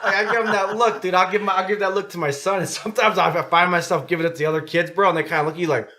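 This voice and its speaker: Bright-voiced, profane podcast guy. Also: high voice, racing. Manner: profane, animated storytelling. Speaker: podcast host; youth sports coach. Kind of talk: casual chat.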